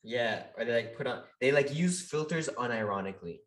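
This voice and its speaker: A young woman chatting casually with a friend, teasing and quick, full of fillers. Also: rumbling low, lively intonation. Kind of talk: casual chat.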